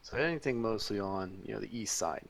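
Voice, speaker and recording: A man's voice: lowish voice, brisk, gravelly. A man co-hosting a podcast in casual chat, a jokey storyteller who laughs a lot. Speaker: podcast co-host.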